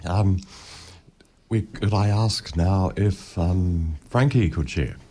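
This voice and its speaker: A man's voice: sits low, slow, warm tone. A man hosting a community radio recovery meeting, hesitant, with many ums. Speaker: radio show host.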